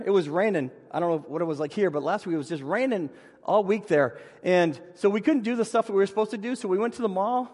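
A man with a high voice preaches from the pulpit, telling funny stories about himself in an animated way. His voice rings out with a long reverb, as in a church sanctuary. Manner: animated storyteller, self-deprecating humor. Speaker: pastor. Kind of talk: sermon with personal storytelling.

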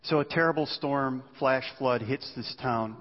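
A man's voice: mid-range voice, unhurried. A male preacher giving a sermon, telling stories in a conversational way and asking the listeners rhetorical questions. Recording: long hall reverb, dull sound.

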